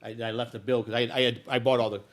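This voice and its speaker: A man's voice: medium pitch, level tone, fast talker. Blunt, profane male storyteller. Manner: blunt, profane, emphatic, many restarts. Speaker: speaker. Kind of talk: live speech, personal storytelling.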